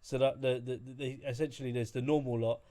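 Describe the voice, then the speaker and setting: A man, a podcast host chatting casually and telling stories with lively acted-out quotes. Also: mid-range voice, fast talker. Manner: animated storytelling, acts out what others said. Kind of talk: casual chat.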